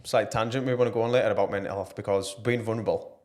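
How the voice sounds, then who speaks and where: A man with a fairly low voice, speaking as a guest on a podcast. He talks with earnest passion in a loose, conversational way, often pausing on fillers. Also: steady tone, darkish tone. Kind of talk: casual podcast interview.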